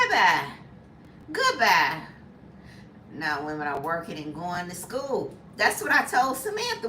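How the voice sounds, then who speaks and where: Lively, bright-voiced woman in her fifties. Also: on the high side, slight background noise. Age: 50s. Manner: lively, laughing, emphatic. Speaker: lifestyle vlogger. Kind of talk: casual live chat. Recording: echoey room from a distance.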